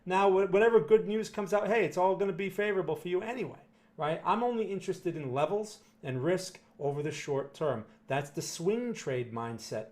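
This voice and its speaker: New Jersey male market commentator, pitched a touch high, blunt and emphatic, checks in with his viewers constantly. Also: normal speed, a little mellow. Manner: emphatic, blunt, repeats "right?" and "okay?". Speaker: market analyst answering viewer questions. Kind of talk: live-stream chart commentary.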